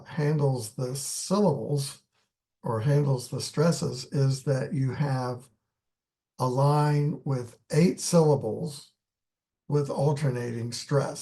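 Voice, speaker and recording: Slow, mellow-voiced man giving a lecture. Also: mid-range voice. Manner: unhurried, explanatory, thinking aloud with fillers. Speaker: poetry lecturer. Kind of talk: live online lecture.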